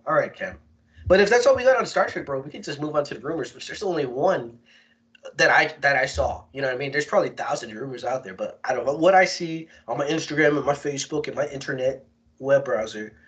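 A man's voice: medium pitch, expressive, fast, fairly bright tone. A young man co-hosting a casual podcast chat, talking in slang, repeating himself and slipping into quoted voices. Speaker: podcast co-host. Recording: dull lo-fi podcast audio.

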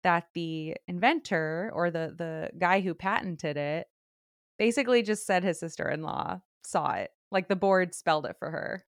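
A woman's voice: on the low side, normal speed, no room sound. A young woman from Southern California co-hosting a podcast, rambling casually and hesitantly on a close mic. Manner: rambling, hesitant, restarts and fillers. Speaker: podcast co-host.

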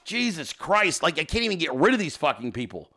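A man's voice: on the high side, big pitch swings, a little fast, pushed and bright. A man hosting a casual livestream, reading viewer emails aloud and ranting with heavy profanity. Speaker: host.

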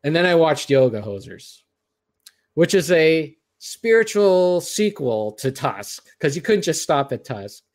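A man's voice: a little high, big pitch swings, unhurried. A man hosting a podcast, chatting casually and giving his blunt, rambling opinions. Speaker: podcast host. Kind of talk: casual chat.

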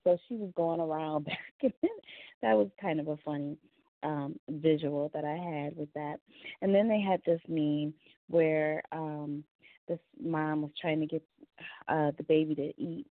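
Low husky-voiced woman on a tinny line. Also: steady tone, unhurried, no room sound. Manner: chatty, laughing, acts out little quoted voices. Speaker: podcast host. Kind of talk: casual solo podcast talk. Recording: dry tinny phone-like sound.

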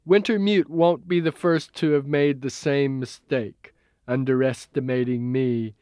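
A man's voice: mid-range voice, fairly even intonation, measured pace, darkish tone, clean tone, no room sound, studio quality, lightly acted. A man voicing a tough, guarded female street samurai who talks tersely and bluntly.

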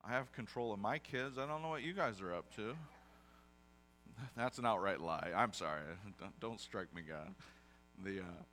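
Bright-voiced male pastor preaching. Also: on the low side, moderate pace, a little hiss or hum. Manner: conversational preaching with self-deprecating asides. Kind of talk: sermon.

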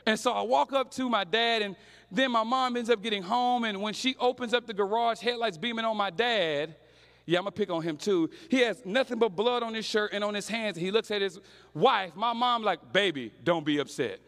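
Young male preacher, high voice, slangy storytelling sermon. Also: a little fast, fairly bright tone, long reverb tail.

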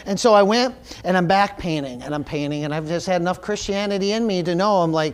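A male pastor in the middle of a sermon, telling a story about himself with candor and a self-deprecating streak. His voice sits a little higher than most men's. He preaches to a church congregation. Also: animated, a little fast, hardly any pauses, smooth. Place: church service.

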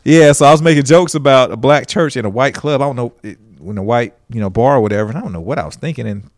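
A man's voice: mid-range voice, fast, no echo. Southern guy, comedian, tells stories and does the voices, dry close sound. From Alabama, US. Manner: animated storytelling, acts out quotes. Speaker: stand-up comedian guest. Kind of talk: casual conversation.

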